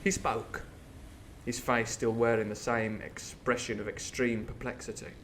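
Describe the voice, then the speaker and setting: A man reading a classic adventure novel aloud as host of a live stream, with animated, jokey asides. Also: mid-range voice, a little slow, a little hiss or hum. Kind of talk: storybook reading with live commentary.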